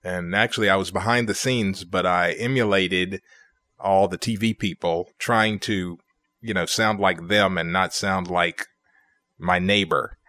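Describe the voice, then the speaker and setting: A male radio co-host in his fifties from the American South, with a fairly low voice. He talks in a halting, searching way. The sound is dry and up close. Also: steady tone, pushed and bright, no room sound. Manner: hesitant, many fillers and restarts. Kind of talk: casual on-air chat.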